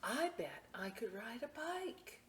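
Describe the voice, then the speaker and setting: A woman voicing a cheerful, adventurous male duck in a children's picture-book read-aloud, greeting loudly in a raised voice. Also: sing-song, slow, a little hiss or hum. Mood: eager. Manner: bright loud greetings, lifted pitch.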